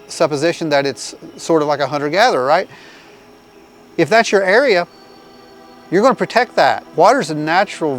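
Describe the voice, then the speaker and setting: A man's voice: on the high side, creaky, a little hiss or hum, low-quality recording. Man reasoning aloud in an interview. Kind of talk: documentary interview.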